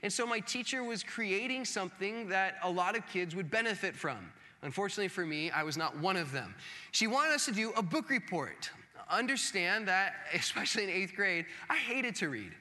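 Animated self-mocking young preacher in a hall. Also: male voice, high-pitched, moderate pace. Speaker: pastor. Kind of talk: storytelling sermon. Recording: long hall reverb.

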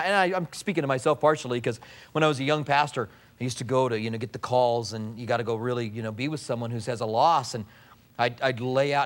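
A man preaching a sermon as pastor, in a conversational way, often mimicking what people say. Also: mid-range voice.

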